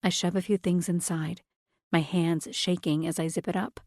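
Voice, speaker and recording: A woman narrating a romance audiobook in the first person, in an even, measured storytelling manner. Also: fairly low pitch, no echo, clean studio sound.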